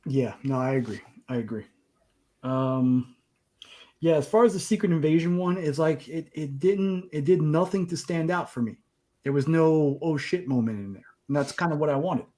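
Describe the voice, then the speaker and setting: A man's voice: a little high, lively intonation, moderate pace, warm tone. A man hosting a casual podcast chat, quizzing his co-hosts and reading a sponsor plug. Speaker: podcast host.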